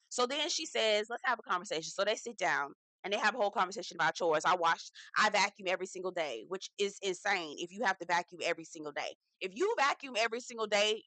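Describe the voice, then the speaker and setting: A young woman gives a sassy, animated recap of a reality show, talking straight to her viewers and calling them "girl.". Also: medium pitch, no room sound. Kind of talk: casual recap commentary.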